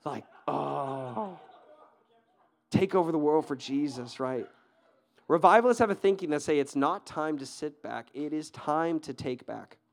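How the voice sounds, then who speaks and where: A man preaching a sermon as pastor, energetic and conversational, often asking the crowd questions and restarting his sentences. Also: on the high side, normal speed. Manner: fillers and repeated restarts.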